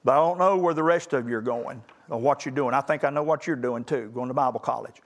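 A middle-aged man preaching a sermon to young graduates, building to loud emphatic peaks in a folksy way. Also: mid-range voice, fast talker. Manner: rising to loud emphatic peaks, southern colloquial phrasing.

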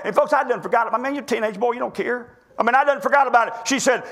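High bright preacher man. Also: expressive, fast talker. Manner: folksy storytelling with repeated restarts. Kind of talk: sermon.

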